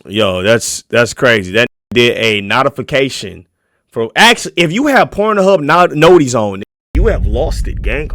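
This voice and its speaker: A young man streaming a casual reaction video, profane and mocking, swinging into shouts. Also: on the high side, sing-song, normal speed, dry recording, clean studio sound.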